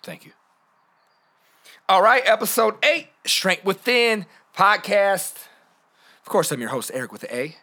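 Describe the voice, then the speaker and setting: A man hosting a motivational podcast, talking in an animated, playful way that jumps between hushed and loud. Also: high-pitched, a little slow, pauses often. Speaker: podcast host.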